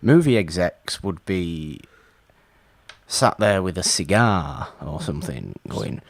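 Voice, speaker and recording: A man co-hosting a podcast, chatting casually about old films in an animated way and stumbling over his words now and then. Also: sits low, slow, gravelly, dry recording. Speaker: podcast co-host.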